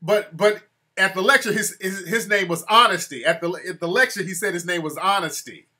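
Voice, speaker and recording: A man's voice: high voice, brisk, pushed and bright. A man hosting a live call-in show, mocking callers in loose street slang. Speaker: host.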